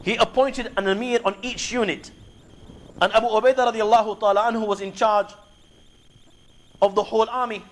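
A male preacher tells history in a measured sermon, adding Arabic honorifics throughout. His voice sits high for a man. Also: steady tone. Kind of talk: sermon retelling Islamic history.

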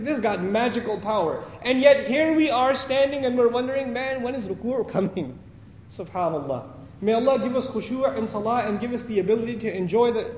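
A man delivering a storytelling sermon in a mosque prayer hall, his voice strikingly high. He acts out the dialogue with animated energy. The sound rings with a long, roomy echo over faint background noise. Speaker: preacher.

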